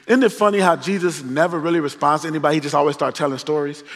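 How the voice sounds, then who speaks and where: A male pastor preaching a storytelling sermon, joking in slangy, animated retelling. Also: on the high side, quick pace, few pauses. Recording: long reverb of a large hall.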